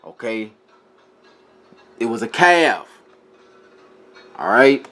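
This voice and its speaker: A religious teacher with a medium-pitched voice reads scripture aloud very slowly but with great animation, his tone pushed and bright over soft background music. He teaches casually, often stopping to correct himself and speak straight to his viewers.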